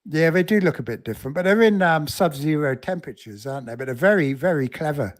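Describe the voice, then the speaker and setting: A man co-hosts a casual podcast, spinning stories with a dry, deadpan humour. His voice sits a little above the usual male range. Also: a little high, quick pace. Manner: storytelling, joking, deadpan. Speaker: podcast co-host.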